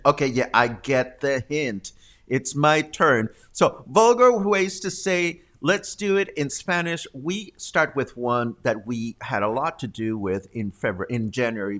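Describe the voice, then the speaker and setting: Animated, bright-voiced man hosting. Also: medium pitch. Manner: playful, bursts into loud laughter. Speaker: host of a live community show. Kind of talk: lively live-stream chat.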